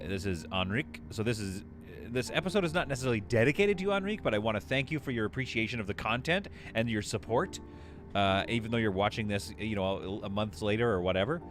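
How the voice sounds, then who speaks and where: A man's voice: lowish voice, expressive, fairly quick, over music. A man streaming a game live, rambling and joking as he thinks aloud while building. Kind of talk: casual live gameplay commentary.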